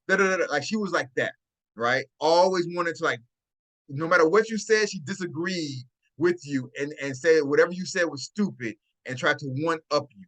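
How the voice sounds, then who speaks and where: A man with a bright, somewhat high voice hosts a casual live-stream talk on dating advice. He speaks into a phone, chatting loosely and checking in with "right?" again and again. He chuckles often along the way. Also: moderate pace. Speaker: host.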